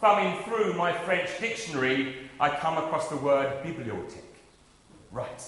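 A man's voice: a little high, expressive, measured pace, a bit bright, slight background noise. A man from South preaching a sermon, telling a personal story with self-deprecating humor. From South London, England. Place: church. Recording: echoey church with long reverb.

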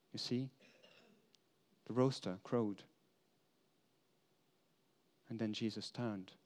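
In a sermon framed as a first-person dramatic monologue, an earnest man takes on the voice of an apostle. His fairly low voice moves slowly and unhurriedly, letting emphatic declarations fade into quiet, confessional passages as he tells the story.

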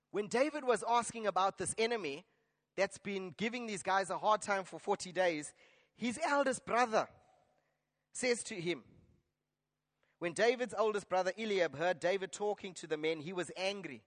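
A man's voice: high voice, moderate pace, fairly bright tone. A man preaching a sermon, earnest and exhorting, now and then restarting a phrase. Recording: long hall reverb.

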